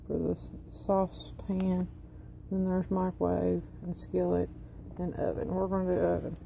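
A tired cooking vlogger who is losing her voice chats casually in her home kitchen, reading package instructions aloud as she cooks along. Her fairly low voice is gravelly and mellow, delivered in a monotone at normal speed, in a rough recording with slight background noise.

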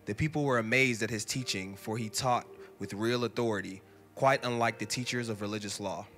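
Man, scripture reading, measured and unhurried, soft guitar behind, church auditorium. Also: on the low side. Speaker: connect group leader reading scripture.

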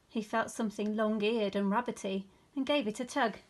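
Woman reading a bedtime story. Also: fairly high pitch. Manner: slow, expressive storytelling. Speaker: teacher. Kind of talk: reading a bedtime picture book aloud.

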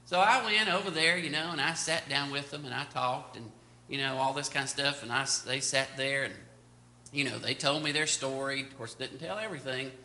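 Older pastor, bright and echoey. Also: male voice, mid-range voice, brisk. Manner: rambling storytelling with many fillers. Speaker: pastor teaching Sunday school. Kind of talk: anecdotal Bible lesson. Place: church classroom. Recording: echoey room.

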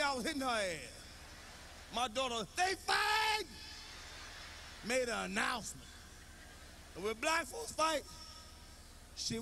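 A man telling a profane stand-up story in short, punchy bursts, breaking into shouted quotes. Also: very high-pitched. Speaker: stand-up comedian. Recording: clear background noise.

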